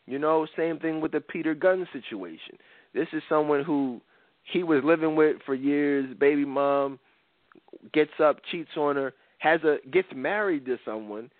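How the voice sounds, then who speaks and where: A man's voice: fairly high pitch, moderate pace, dry recording. A man in his thirties hosting a talk show, giving blunt opinions in a rambling way with lots of fillers. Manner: blunt, rambling, frequent "you know" fillers. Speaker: podcast host. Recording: dry, phone-like narrow sound.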